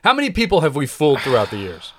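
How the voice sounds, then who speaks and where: A man's voice: fairly high pitch, huge pitch swings, fast talker, a bit bright. A young man co-hosting a casual podcast, teasing and bantering with his friend. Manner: teasing, banters and hums tunes. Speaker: podcast co-host. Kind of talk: casual chat.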